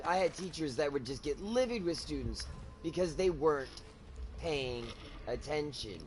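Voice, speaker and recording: A man with a fairly high voice tells stories in loose gaming-stream chat, sprinkling in swears. A faint hiss runs under the recording. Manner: casual, profane storytelling. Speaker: co-host of a gaming channel. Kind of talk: casual chat while gaming.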